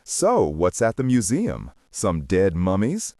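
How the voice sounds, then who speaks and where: A world-weary police sergeant, voiced by a male narrator, answers curtly and with sarcasm. His voice is low, dry and close. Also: huge pitch swings, slow pace, dark tone, no echo, exaggerated voice. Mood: sarcastic. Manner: curt, sarcastic.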